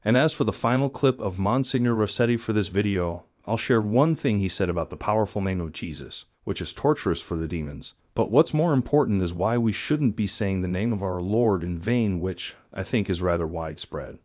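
Deep-voiced narrator, dry close sound. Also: male voice, expressive, brisk, few pauses, a little mellow, dry recording. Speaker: channel narrator presenting clips. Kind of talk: scripted narration.

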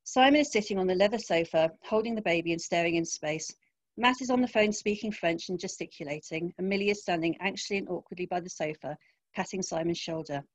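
Woman, author reading crime fiction, wry even narration, dry close mic, video call. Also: on the low side, fast, dry recording. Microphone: home computer mic, video call.

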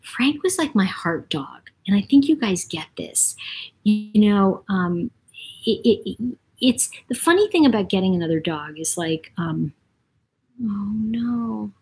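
A woman's voice: medium pitch, very animated, a little slow, a little mellow, low-quality recording. A woman hosting a casual livestream, chatting in a rambling way, laughing often and reading out viewer comments. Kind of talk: casual live-stream chat.

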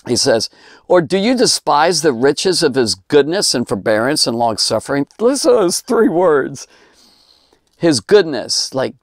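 Gravelly, animated man teaching the Bible. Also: mid-range voice, dry recording, studio quality. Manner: emotional, laughing, voice rising with enthusiasm.

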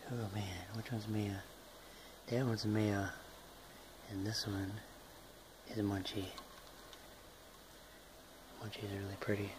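A man's voice: lowish voice, flat delivery, takes it slowly, long pauses. Man cooing at his pet roaches, noisy room. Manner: talks fondly to his hissing roaches, teasing baby talk. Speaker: hobby bug keeper. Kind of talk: casual handheld pet video.

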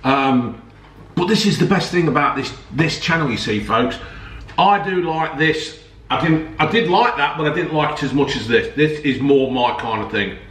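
A man's voice: fairly high pitch, lively intonation, normal speed, a bit bright, far from the mic. A man chatting casually and joking as he reviews ready meals at home, swearing now and then. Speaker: food reviewer vlogger. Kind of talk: casual food review chat. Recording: roomy sound from off the mic, faint noise.

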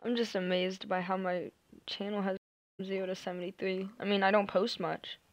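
A young woman chatting casually to herself and her viewers while streaming a game, thinking out loud. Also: medium pitch, flat delivery, normal speed, no room sound, muffled recording. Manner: chatty, thinks aloud, self-talk with little sing-song bits. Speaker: gamer streaming live.

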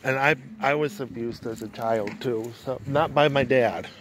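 A man chatting calmly and supportively at an outdoor gathering. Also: medium pitch, moderate pace, a crowd in the background. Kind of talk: casual conversation.

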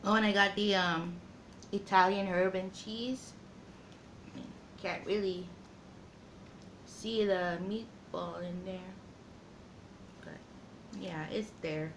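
A woman chatting casually to her viewers in an eating vlog, slow and halting, with many pauses and fillers. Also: medium pitch, fairly even intonation, a bit bright, a little hiss or hum, rough recording. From Guam. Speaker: mukbang vlogger.

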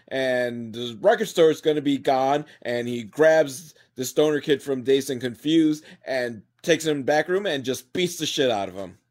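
A man with a fairly high voice rambles through a sarcastic movie recap, swearing freely and mocking what he watches. His delivery is loose and conversational, drifting from one gripe to the next. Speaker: comedic movie reviewer.

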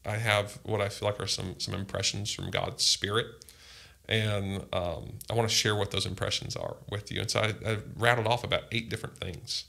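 A man's voice: fairly low pitch, steady tone, moderate pace, gravelly, bright, forceful tone. A man, a pastor, telling earnest personal testimony in a podcast conversation. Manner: earnest, impassioned storytelling.

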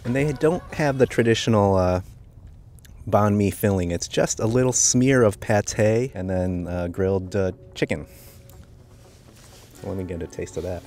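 Low-voiced man reviewing food outdoors. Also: a little slow. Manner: relaxed, thoughtful, with frequent fillers. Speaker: food vlogger. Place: outdoors by the waterfront.

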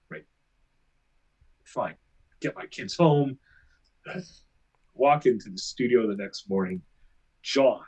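A man telling animated, self-mocking anecdotes as a guest in a casual interview. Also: mid-range voice, takes it slowly, long pauses, husky.

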